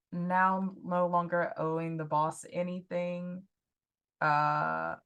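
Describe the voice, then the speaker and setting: A woman playing a tabletop game, describing her character's ending in an unhurried, hesitant way. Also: deep voice, a bit bright, clear, resonant tone. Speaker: player. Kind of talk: tabletop role-play narration.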